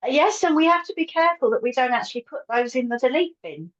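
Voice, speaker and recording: A woman's voice: high voice, animated, fast talker. A woman co-hosting a live morning chat show, chatty and greeting viewers by name. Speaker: co-host and medium of a live psychic show. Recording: dull lo-fi sound.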